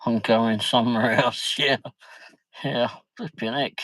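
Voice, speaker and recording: A man's voice: medium pitch, steady tone, takes it slowly, a bit bright, dry recording, rough recording. Man rambling through a funny story. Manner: rambling, laughs often, peppers speech with "flipping". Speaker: livestream host. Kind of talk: casual chat, anecdote.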